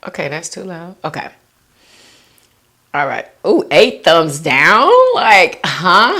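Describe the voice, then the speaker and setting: A woman's voice: takes it slowly, long pauses. A woman hosting a mukbang video, chatting casually to viewers while eating and reading their comments aloud. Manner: laid-back with lively swoops of pitch. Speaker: mukbang vlogger.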